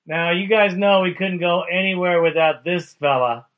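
A man's voice: sits high, fairly even intonation, normal speed, hardly any pauses, narrow, tinny audio. A man hosting a call-in radio show, upbeat and friendly, calling callers bro and man.

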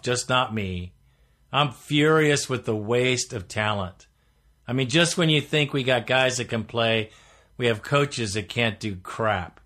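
A man's voice: medium pitch, sharp tone. A man hosting a sports fan call-in show, talking bluntly and getting worked up. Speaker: radio show host. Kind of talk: casual fan talk show.

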